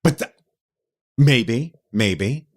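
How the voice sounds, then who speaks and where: A man co-hosting a podcast, chatting casually and telling stories in an animated, theatrical way. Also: mid-range voice, extremely slow. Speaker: podcast co-host. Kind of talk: casual chat.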